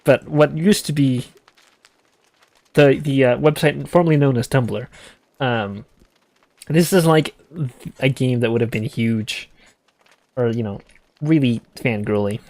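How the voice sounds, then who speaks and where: A man's voice: mid-range voice, a little slow, long pauses, a little mellow, dry recording. A man streaming a game, chatting casually with sarcastic joking asides. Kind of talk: casual let's-play commentary.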